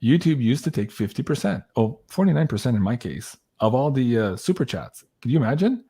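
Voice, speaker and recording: A man's voice: medium pitch, very animated, fairly quick, mellow, husky. A man co-hosting a livestream, chatting casually and thanking donors by name. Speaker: livestream co-host.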